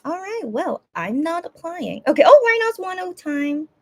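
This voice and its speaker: A woman's voice: very high-pitched, sing-song, normal speed, darkish tone, no echo. A young woman hosting a casual livestream chat. She hesitates and restarts often and sounds close to tears. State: teary, on the verge of crying. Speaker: livestream host.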